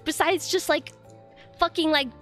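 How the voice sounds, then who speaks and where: A woman's voice: sits high, steady tone, measured pace, a bit bright, soft background music. A woman streamer venting in a casual, frustrated rant, swearing often and rambling with lots of fillers.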